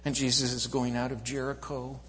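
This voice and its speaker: A man preaches a sermon in a church, retelling stories with animated shifts from booming to hushed. His voice sits in a middle register. A long hall reverb hangs on his words. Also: a little fast, slight background noise. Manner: animated storytelling, swinging from loud to hushed. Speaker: pastor.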